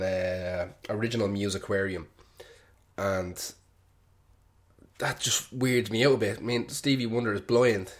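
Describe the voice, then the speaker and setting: A young Irish man hosting a radio show, rambling casually, joking irreverently and swearing freely. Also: on the low side.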